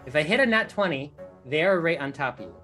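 A woman's voice: sits low, expressive, fast, fairly bright tone, faint music behind. A woman running a tabletop game as dungeon master, explaining rules with many fillers and restarts.

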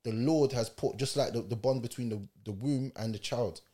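A man chatting casually and spinning stories full of street slang. His voice sits at an ordinary middle pitch, and he acts out each moment as he goes. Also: normal speed, warm tone. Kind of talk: casual chat, storytelling.

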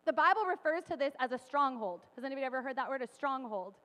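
A woman in her thirties giving a casual, chatty sermon, full of fillers and quick laughs. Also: sits high, lively intonation, a bit bright. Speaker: preacher. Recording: long hall reverb.

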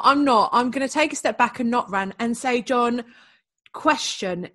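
A woman's voice: on the high side, normal speed, sharp tone. British woman, chatty, bubbly, casual podcast judge. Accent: British English. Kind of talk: casual chat.

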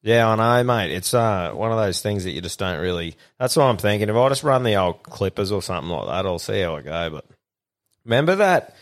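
A man's voice: on the low side, sing-song, a little fast. An Australian man in his thirties co-hosting a podcast, swearing and laughing as he tells stories. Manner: laid-back, swears a lot, laughs often. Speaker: podcast co-host. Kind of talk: casual chat.

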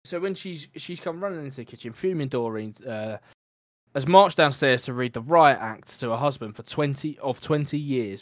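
A man's voice: mid-range voice, no room sound, studio quality. A man co-hosting a podcast, reading a story aloud with stumbles and chatting casually. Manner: stumbles over the text while reading, laughing often.

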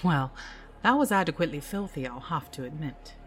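A man's voice: a little high, lively intonation, brisk, fairly bright tone, pitched above the performer's own voice. A man voicing a smirking, teasing young woman in an audiobook, with faint music underneath. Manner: playful, teasing. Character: smirking confident young woman, a scent stealer.

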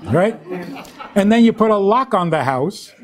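A man's voice: high voice, lively intonation, unhurried. A man, a rabbi giving a humorous lecture on relationships, who tells stories, acts out little dialogues and slips in wry jokes.

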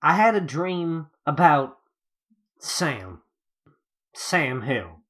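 Stubborn protective dad, played by a player, drawling, slow lively voice, bright. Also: mid-range voice.

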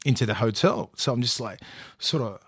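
A man co-hosts a podcast, telling stories in a loose, casual chat full of swearing, restarted sentences and acted-out quotes. His mid-range voice has a breathy edge and runs a little fast, captured in a dry, studio-quality recording.

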